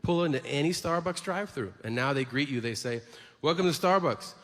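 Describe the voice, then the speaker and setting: A man doing a ranting stand-up bit, acting out voices of fast food workers. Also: mid-range voice, a bit bright, big-room sound. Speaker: stand-up comedian. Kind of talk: stand-up comedy set.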